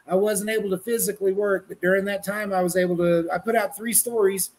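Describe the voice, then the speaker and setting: A man's voice: high-pitched, steady tone, fast talker, gravelly, a little mellow. A middle-aged man from Colorado, a wrestling journalist, chatting on a podcast in a rambling, folksy, profane way. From Colorado, USA. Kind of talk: casual podcast chat.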